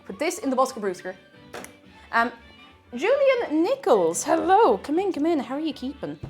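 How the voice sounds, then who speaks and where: A woman's voice: high-pitched, wildly swooping pitch, normal speed, soft background music. A young Irish woman with a Tipperary accent, chatting and giggling with her viewers while cooking on a live stream. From Tipperary, Ireland. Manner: chatty, giggly, greets chat warmly. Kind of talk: casual cooking stream chat.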